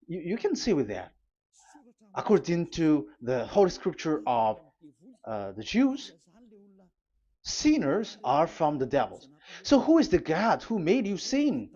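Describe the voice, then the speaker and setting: Animated, halting preacher with dull sound. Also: male voice, a little high, husky. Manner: halting, many fillers and restarts; urgent, emphatic warnings. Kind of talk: live sermon with scripture reading.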